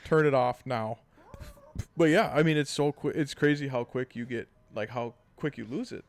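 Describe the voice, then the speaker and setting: A man co-hosting a casual podcast, telling lively stories, acting out voices and swearing freely. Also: mid-range voice, normal speed. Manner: animated storytelling, acts out voices, swears. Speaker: podcast co-host. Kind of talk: casual chat.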